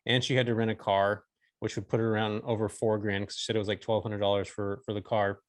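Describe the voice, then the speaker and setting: A man's voice: on the low side, little pitch movement, quick pace, no echo. Laid-back forty-year-old man saying dude. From California. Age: 40s. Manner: laid-back, slangy, says dude and bro. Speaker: podcast guest. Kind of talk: casual storytelling interview.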